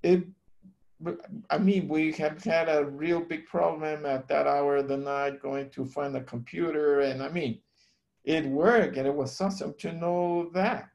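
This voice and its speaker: A man telling a story on a casual call, earnest and halting, often repeating his words as he goes. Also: a little high, fairly even intonation, gravelly, a little mellow.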